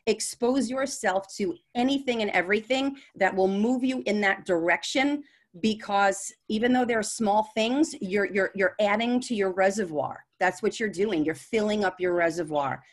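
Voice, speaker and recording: A woman's voice: medium pitch, normal speed. A woman with a New York accent, a sales coach guest on a podcast, giving earnest advice and often repeating words as she searches for phrasing. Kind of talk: candid interview conversation.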